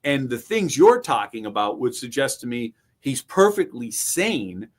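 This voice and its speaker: A middle-aged man with a mid-range voice co-hosts a casual true-crime talk show. He speaks as a trial lawyer, measured and explanatory. Now and then he tells his own courtroom anecdotes. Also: medium pitch, sing-song. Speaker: podcast co-host, trial lawyer. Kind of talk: casual legal commentary.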